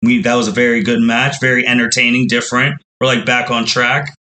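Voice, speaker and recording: Brief bright-voiced man hosting a wrestling podcast. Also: mid-range voice, little pitch movement, a little fast, slight background noise, rough recording. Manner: storytelling, acting out the fans' reactions as quotes. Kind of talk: casual podcast recap.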